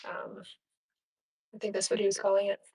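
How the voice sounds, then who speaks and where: A woman's voice: mid-range voice, monotone, normal speed, a little mellow, rough recording. A woman in a casual discussion, asking questions hesitantly with frequent likes and ums.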